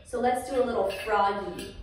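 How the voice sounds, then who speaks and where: A mother leading a toddler yoga class, talking gently in a sing-song way to a small child. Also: a little high, moderate pace, background noise. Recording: echoey room, far from the mic.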